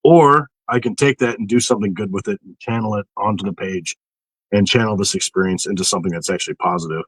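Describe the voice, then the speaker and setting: Guest type: foul-mouthed, animated man, casual chat, dry mic. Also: lowish voice, quick pace, slightly rough, no echo, low-quality recording. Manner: profane, animated storytelling with mocking inner voices.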